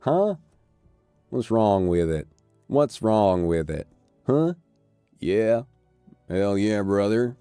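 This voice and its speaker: A man putting on a swaggering cowboy with a twang who draws out each challenge slowly. His voice swings up and down. The delivery is goofy and bold. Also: on the low side, big pitch swings, dark tone, smooth, no echo, faint music behind. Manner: slow drawling challenge.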